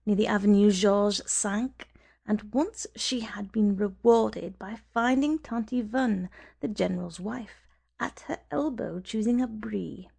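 A woman narrating a story in a measured, soft-spoken way, at times nearly whispering. Her voice is dark and mellow with a gravelly fry, pitched at a middle level. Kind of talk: audiobook narration.

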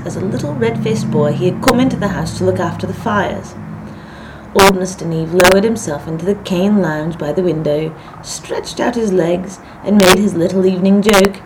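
A woman reading a story aloud in a measured, expressive audiobook narration. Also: fairly low pitch, background noise.

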